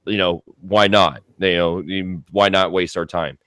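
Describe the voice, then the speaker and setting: A man's voice: low voice, steady tone, measured pace, a bit bright, no echo, studio quality. A man co-hosting a casual talk show, rambling and swearing, a little drunk. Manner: rambling, swearing, laughing asides. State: tipsy. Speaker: co-host. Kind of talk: casual podcast chat.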